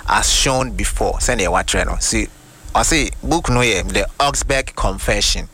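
Ghanaian male preacher, crisp bright tone, deliberate reader of quotes. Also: fairly low pitch. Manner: reads quotations slowly and deliberately, then explains. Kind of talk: sermon teaching with quoted readings.

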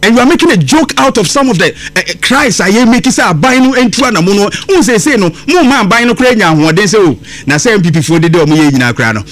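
A man's voice: high-pitched, expressive, racing, hardly any pauses, a bit bright. A man with a Ghanaian accent hosting a radio show, giving an impassioned commentary that switches between English and Twi.

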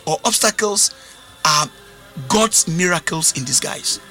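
A man's voice: high-pitched, expressive, a little slow, sharp tone, faint music behind. A man with a Ghanaian accent preaching a sermon, mixing English with Twi in call-and-response style.

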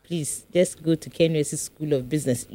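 Woman, Ghanaian English accent, radio host, teasing, lower voice, dry studio. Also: mellow, no echo. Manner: teasing, jokey, reads numbers and ads briskly. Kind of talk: playful radio chat and sponsor reads.

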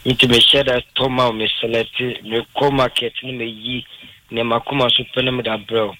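A man's voice: medium pitch, flat delivery, normal speed, sharp tone, low-quality recording. A man calling in to a radio show, talking animatedly and calling the host by name again and again. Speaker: caller. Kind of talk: call-in radio chat.

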